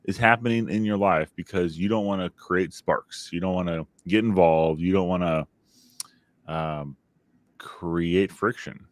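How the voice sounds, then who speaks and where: A man's voice: lowish voice, dry recording. A man co-hosting a faith-based parenting podcast, talking in an earnest, reflective way and putting questions to the listener. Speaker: podcast co-host.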